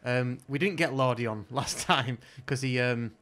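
A man's voice: mid-range voice, moderate pace, fairly bright tone. A man chatting on a podcast and eagerly cutting in. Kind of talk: casual podcast chat.

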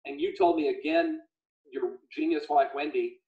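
A man hosting a casual livestream chat, animated and retelling stories in quoted voices. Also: fairly high pitch, normal speed. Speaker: livestream host. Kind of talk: casual video call chat. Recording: echoey room, dull lo-fi audio.

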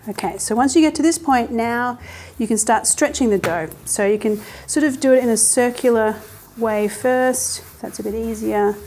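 A woman's voice: on the high side, normal speed, darkish tone, slight background noise. A woman hosting a cooking show, chatting casually and explaining each step in an upbeat way as she cooks in a kitchen. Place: home kitchen.

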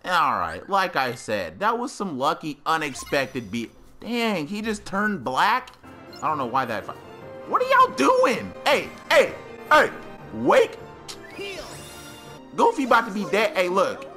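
Man shouting through gameplay commentary. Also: high voice, wildly swooping pitch, measured pace. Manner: loud outbursts, slangy, trash-talking the game. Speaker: gaming YouTuber. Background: game music.

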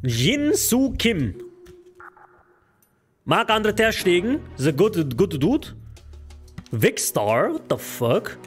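A male streamer talking casually on a live stream, excitable, swearing often and stumbling over hard names. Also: high voice, takes it slowly, pauses often, soft background music.

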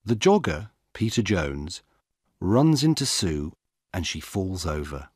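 A man narrating a simple story for English learners in a slow, clear, deliberate way. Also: low-pitched, sing-song, darkish tone, no echo, clean studio sound.

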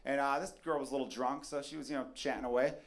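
A man's voice: mid-range voice, steady tone, fast. A man from Chicago doing a stand-up comedy set on a club stage, brash and profane, talking straight to the crowd. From Chicago area. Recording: live club recording with crowd laughter. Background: audience laughter.

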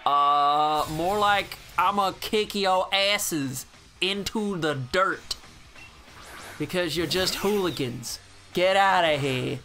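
A man's voice: high voice, slow pace, bright, forceful tone, faint music behind. A man giving casual, sarcastic gameplay commentary, swearing freely. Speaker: gameplay channel host.

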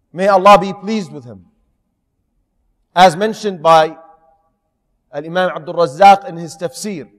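A man teaching a Quran lesson, telling stories in a measured way and speaking directly to his listeners. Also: high voice, fairly bright tone, in a large hall. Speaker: Islamic teacher.

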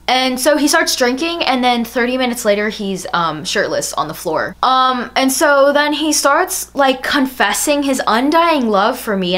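A woman's voice: a little high, a bit bright. Chatty young woman telling a story. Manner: chatty, fillers of "like" throughout. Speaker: storytime vlogger. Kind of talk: casual storytelling.

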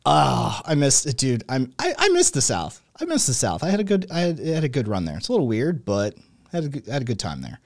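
A man's voice: mid-range voice, huge pitch swings, fairly quick, vocal fry, no echo, clean studio sound. A man in his late thirties hosting an interview, talking at length in a loose, wordy way with many fillers and restarts. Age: late 30s. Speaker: podcast host. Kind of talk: conversational interview.

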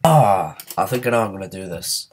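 Low-voiced frustrated gamer guy. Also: very fast, slight background noise. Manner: frustrated, mutters and swears at the game. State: ill. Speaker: gaming channel host. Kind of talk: let's play commentary.

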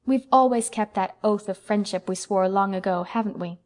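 A woman voicing a gentle, devoted young woman in an audiobook, speaking in an earnest, reassuring way. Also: medium pitch, moderate pace, natural voice. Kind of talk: audiobook character voice.

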